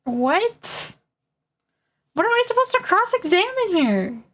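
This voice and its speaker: A woman's voice: very high-pitched, sing-song, slow pace, a bit bright. A woman chatting casually on a game stream, often puzzled and questioning. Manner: confused, questioning, laughs easily.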